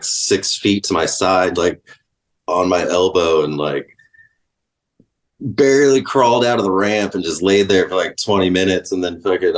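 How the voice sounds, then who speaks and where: Low voice dude, chill storytelling, swears a ton, says like constantly. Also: male voice. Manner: laid-back, swears freely, lots of likes. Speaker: guest. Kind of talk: casual storytelling.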